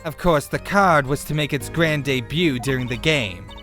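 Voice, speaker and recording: A man's voice: medium pitch, moderate pace, a bit bright, faint music behind, lightly acted. A man voicing a scheming female card-shark waitress with a put-on hillbilly drawl, theatrical and boastful while reading game dialogue.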